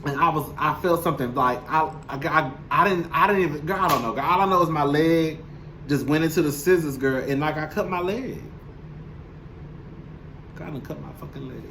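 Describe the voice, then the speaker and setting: A man's voice: on the high side, a little fast, gravelly, a bit bright, a little hiss or hum, rough recording. A young man, recapping a reality show in a sassy, blunt, profane, casual monologue straight to his viewers. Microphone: camera mic, speaking to camera.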